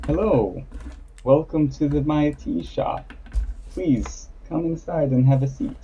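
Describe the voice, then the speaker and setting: A man voicing a calm, welcoming male tea shop owner who speaks slowly and gently in a tabletop game. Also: on the high side, slight background noise, pitched above the performer's own voice. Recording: dull lo-fi mic.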